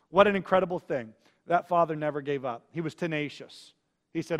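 A man preaching a sermon in a lively storytelling way, swinging from loud emphatic lines to hushed, quiet ones. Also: a little high, brisk, long reverb tail.

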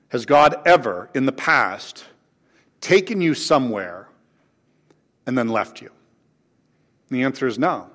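A man preaching a sermon to his congregation, swinging between raised, emphatic lines and soft, low asides. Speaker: pastor. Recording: long hall reverb.

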